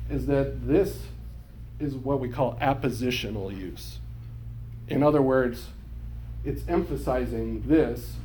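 A man leads a Bible lesson in a mellow, relaxed voice, walking students through Greek terms step by step. He keeps stopping to ask whether they follow. Light noise hums faintly behind him. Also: mid-range voice. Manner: explanatory, checks understanding with questions. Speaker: Bible teacher.

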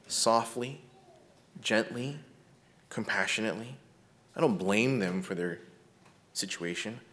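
A man teaching biblical counseling in a conversational lecture, often checking in with his listeners and speaking gently when he talks about compassion. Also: mid-range voice. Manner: often checks in with a tag question "right?"; drops to a soft, gentle tone when describing compassion.

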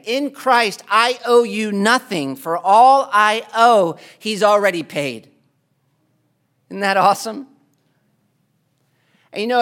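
A man preaching a sermon, impassioned, building to loud pleading climaxes. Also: high-pitched.

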